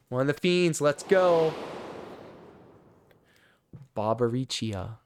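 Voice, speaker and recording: A man's voice: medium pitch, a little slow, a little hiss or hum, rough recording. A man streaming a game, reading story text aloud and cracking profane jokes in casual commentary.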